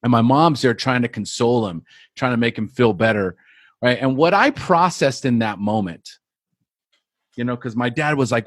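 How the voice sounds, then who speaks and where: Man, podcast guest, earnest storyteller, mid pitch, dry close sound. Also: lively intonation, moderate pace, dry recording. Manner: earnest, repeats words while building a story. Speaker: podcast guest, life coach. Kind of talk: personal storytelling.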